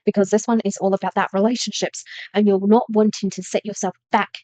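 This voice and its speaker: A woman's voice: mid-range voice, little pitch movement, brisk, a little mellow, no echo. A woman giving a spiritual tarot reading to her viewers, talking earnestly and with emphasis, often repeating phrases. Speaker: tarot reader.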